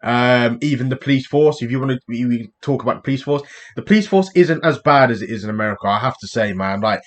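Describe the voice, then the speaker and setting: A man's voice: medium pitch, quick pace. A British man hosting a reaction video, talking casually and bluntly to viewers and often calling them "man". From United Kingdom. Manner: chatty, blunt, addresses viewers directly with "man". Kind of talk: casual chat.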